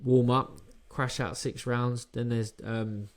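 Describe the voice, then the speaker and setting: Podcast co-host, man, mid-pitched, animated storyteller who laughs and swears through anecdotes. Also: slow. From England. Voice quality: animated, laughs while telling stories, swears freely. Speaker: podcast co-host, former boxer. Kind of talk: casual storytelling chat.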